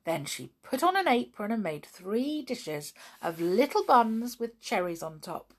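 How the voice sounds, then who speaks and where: Woman storyteller, children's story, slow, very lively pitch, gentle. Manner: gentle, expressive and unhurried.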